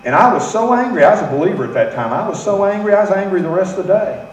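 A man's voice: high-pitched, expressive, fast, dull audio, slight background noise. An American man preaching a sermon as pastor, having the congregation repeat phrases after him. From United States. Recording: echoey room, mic from far off.

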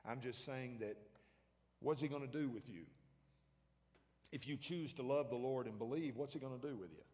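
A man's voice: medium pitch, normal speed, a little mellow, big-room sound. A man preaching a sermon as pastor, talking conversationally and throwing questions out to the congregation.

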